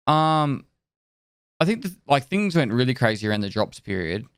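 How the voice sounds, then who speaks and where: A man in his thirties streams a game and chats loosely with his viewers, answering questions as they come. His voice is smooth and resonant. The recording is dry, with no room sound. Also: medium pitch, very animated, normal speed, dry recording. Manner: rambling, answers chat. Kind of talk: casual live-stream chat.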